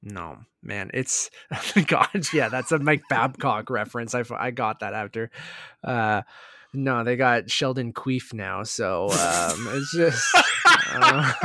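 A man's voice: mid-range voice, slow pace, sharp tone. A man in his thirties with a Canadian accent, co-hosting a casual podcast and rambling with many fillers and restarts. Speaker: podcast co-host. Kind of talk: casual chat.

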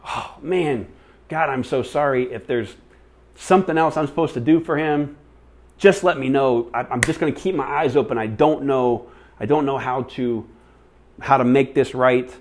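A man's voice: medium pitch, moderate pace, pitched above the performer's own voice, close to an everyday voice. Man doing anxious praying woman, pleading, raised voice. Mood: regretful, pleading. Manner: fretful, pleading, repeating herself.

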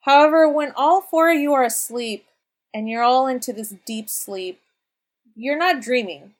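A woman narrating as game master for a tabletop game, relaxed and chatty. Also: high-pitched, a little slow. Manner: relaxed, chatty, laughs often.

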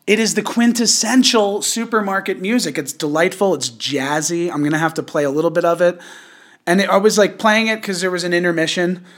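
A man's voice: high-pitched, fairly quick, a bit bright. A man hosting a casual podcast, rambling with loose, slangy talk and frequent laughter. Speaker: podcast host.

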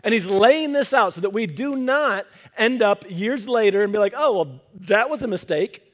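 A young man preaching a sermon in an animated, conversational way, acting out quotes as he goes. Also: high-pitched, moderate pace. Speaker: pastor.

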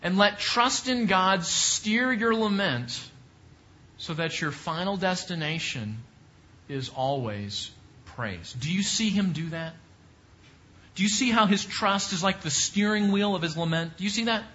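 Emphatic high-voiced male Bible teacher. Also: expressive, measured pace, pushed and bright, highs cut off. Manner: repetitive, emphatic preaching with rising questions.

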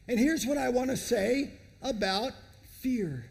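Male pastor, emphatic sermon delivery, gravelly texture, high and lively pitch, big reverberant hall. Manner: dramatic, emphatic preaching with long pauses.

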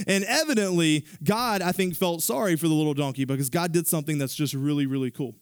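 A man preaching a sermon, retelling a scripture story in a casual, animated way with fillers and asides to the congregation. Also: a little high, clean tone, no echo, studio quality. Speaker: pastor.

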